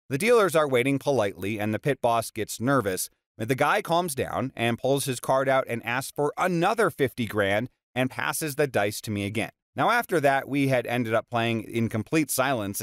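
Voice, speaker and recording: A man's voice: medium pitch, no echo. A man narrates a string of anecdotes for a story channel, with wry remarks between them. His voice sits in the middle range. The recording is close and dry, with no room around it. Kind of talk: reading internet stories aloud.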